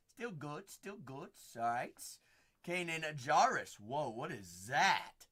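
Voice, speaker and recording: A man's voice: fairly high pitch, unhurried, husky. A man hosting a live card break, chatting and exclaiming as he opens packs. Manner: excitable, exclaiming, chatty asides.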